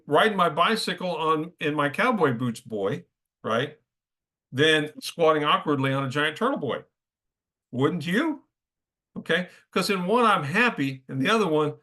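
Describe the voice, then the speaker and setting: A man's voice: a little high, lively intonation, unhurried, sharp tone. A middle-aged man preaching a sermon in a conversational way, often checking in with his listeners. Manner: conversational, keeps checking in with "okay?".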